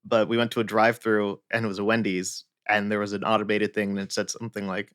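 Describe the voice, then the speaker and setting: A man's voice: fairly low pitch, level tone, quick pace, fairly bright tone, dry recording, studio quality. A man co-hosting a casual podcast, joking wryly, laughing along and reading ads. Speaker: podcast co-host. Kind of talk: casual chat and ad reads.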